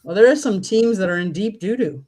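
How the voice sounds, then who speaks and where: Sports stream co-host, mid pitch, casual, brief quick interjections. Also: lively intonation, darkish tone. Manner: short agreeing replies, then quick runs of opinion.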